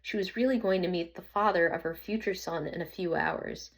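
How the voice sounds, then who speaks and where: A woman narrating a children's storybook in an earnest, slightly halting reading. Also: fairly low pitch.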